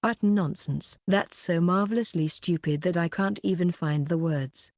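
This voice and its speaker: Audiobook: woman reading a pompous, smug schoolboy in a low, mellow voice. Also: normal speed, no echo, clean studio sound, natural voice. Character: arrogant vain teenage schoolboy.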